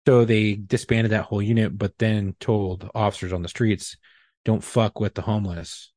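A man on a podcast, telling a profane, animated story in casual chat. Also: on the low side, normal speed, no echo, clean studio sound. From California. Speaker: podcast co-host.

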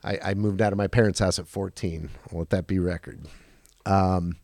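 A man in his forties with a gravelly, creaky mid-range voice tells a story on a podcast. He talks in bursts, restarts his sentences often, and jumps higher when he quotes other people. The sound is close and dry. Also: fairly even intonation, normal speed, darkish tone, no room sound. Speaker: car dealership guest.

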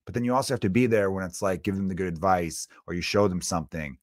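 A man in his thirties, a comedian hosting his own podcast, delivering an animated, self-mocking solo rant. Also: lowish voice, rapid-fire, gravelly, few pauses, dry recording, clean studio sound.

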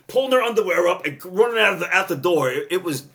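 A man, a retired police officer on a podcast, telling stories with rambling restarts and rising loud when excited. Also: high-pitched, fast, vocal fry. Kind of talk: casual storytelling chat.

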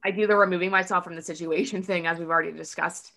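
Bright-voiced chatty woman on a podcast. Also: on the low side, fast. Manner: chatty, acts out quotes in lively voices; many "like" fillers. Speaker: podcast guest. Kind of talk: casual podcast conversation.

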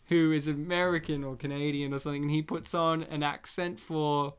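A man's voice: a little high, level tone, fairly quick, clear, resonant tone. A man co-hosting a casual movie commentary chat, joking and sarcastic, laughing often.

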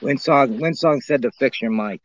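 A man's voice: medium pitch, normal speed. Joking man on a muffled line. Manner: joking, short teasing remarks. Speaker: podcast co-host. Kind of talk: casual podcast chat. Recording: muffled lo-fi call audio.

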